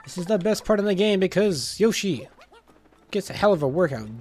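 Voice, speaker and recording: A man giving relaxed, joking commentary over a video game, with casual fillers. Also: high-pitched, brisk, faint music behind. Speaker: let's play host.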